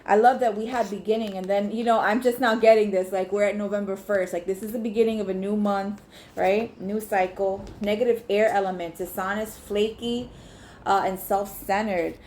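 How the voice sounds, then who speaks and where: Casting note: woman, casual tarot reader, chatty and profane, mid-pitched, faint room hiss behind. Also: steady tone, moderate pace, darkish tone. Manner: chatty, swears freely.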